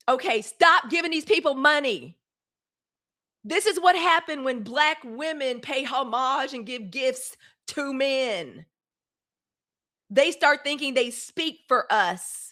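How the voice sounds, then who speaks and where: A woman with a Mississippi Southern accent hosts a casual livestream, talking straight to her viewers as y'all. She is blunt and fiery and swears freely. Her voice is bright and pitched a little high. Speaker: livestream host.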